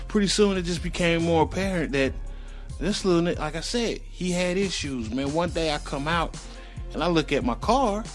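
A middle-aged man telling a personal story in a loose, profane, rambling way, acting out sounds as he goes. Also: fairly high pitch. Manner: acts out sounds and voices animatedly.

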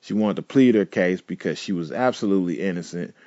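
A man's voice: sits low, fairly quick, darkish tone, no room sound. Laid-back, foul-mouthed man spinning a rambling personal story, dull dry recording. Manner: laid-back, profane, digressive, with frequent fillers. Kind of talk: casual profane storytelling.

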